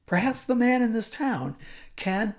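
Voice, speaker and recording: A man's voice: extremely high pitch, animated, measured pace, voice pushed up, heavily acted. A preacher voicing a male servant who makes an eager, persuasive suggestion.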